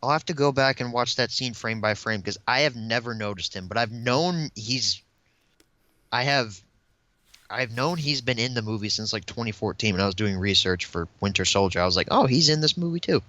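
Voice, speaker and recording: Bright-voiced opinionated young man. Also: fairly low pitch, moderate pace, no room sound. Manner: opinionated, ranting. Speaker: podcast guest. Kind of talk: casual chat. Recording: dull, lo-fi dry sound.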